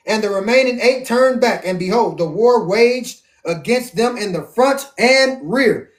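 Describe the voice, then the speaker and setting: A man, teaching the Bible in a casual, animated, joking way, drawing out words for emphasis, his voice going hoarse. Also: high voice. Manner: animated, jokey, drawn-out emphasis. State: losing his voice. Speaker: preacher. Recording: echoey room, far from mic.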